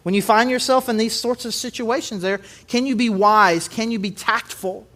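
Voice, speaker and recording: A man pastor preaching a conversational sermon, with lively asides and acted-out quotes. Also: sits high, moderate pace.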